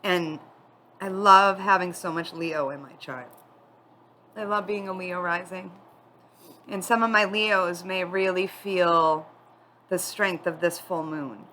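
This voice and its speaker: A woman giving a spiritual tarot reading, tearful and crying as she talks in a candid, halting, confiding way. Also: on the low side, steady tone, bright, forceful tone, slight background noise, rough recording. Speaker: tarot reader.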